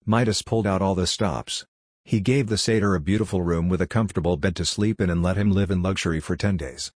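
A man's voice: low-pitched, fast, darkish tone, no room sound, studio quality. A man narrating a scripted storybook in a plain, lightly humorous way.

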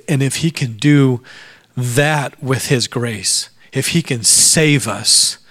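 Emotional pastor, dry close sound. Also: male voice, mid-range voice, no room sound. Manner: personal testimony, emotional, drops to near-whisper at times. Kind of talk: sermon.

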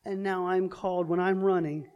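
A man's voice: high voice, flat delivery, moderate pace, darkish tone, dull audio. A man preaching a sermon in an impassioned way, building through repeated rhetorical questions.

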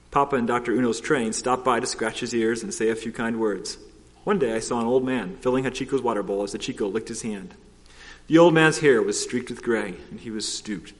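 A man narrating a children's story aloud, in a steady, expressive reading. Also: medium pitch, brisk. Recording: long hall reverb.

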